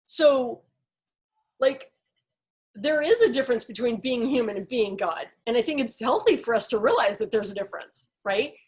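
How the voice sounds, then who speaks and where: Woman in a fairly high register, leading a relaxed Bible study, talking ideas through with examples. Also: moderate pace. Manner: thoughtful, explains with examples, uses "like" and "you know" often. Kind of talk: casual group discussion.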